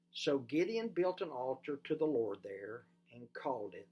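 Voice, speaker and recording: A pastor giving a sermon, asking listeners direct questions and swinging from loud emphasis to quiet, low delivery. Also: moderate pace, hardly any pauses.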